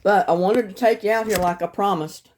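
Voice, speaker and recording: A woman's voice: medium pitch, a little fast, a little mellow, slight background noise. A woman chatting casually in a home cooking and gardening vlog, savoring her food with little murmurs.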